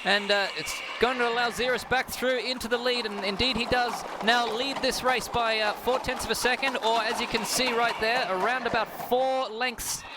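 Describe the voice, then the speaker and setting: A man co-commentates a virtual race in a very high voice, chatty and quick to exclaim. Clear background noise runs under him. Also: fairly even intonation. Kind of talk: sim racing commentary.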